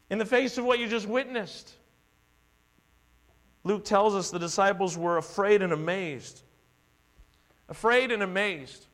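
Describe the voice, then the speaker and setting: A man's voice: sits high, a little slow, pauses often, fairly bright tone. A man preaching a sermon as pastor, telling the story dramatically and acting out the voices. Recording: echoey hall with mains hum.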